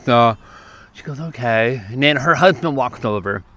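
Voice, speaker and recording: Man telling a story at a park. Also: mid-range voice. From California. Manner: lively, quick bursts, acts out quoted lines. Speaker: youth preacher. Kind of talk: casual storytelling to camera. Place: outdoors at a park.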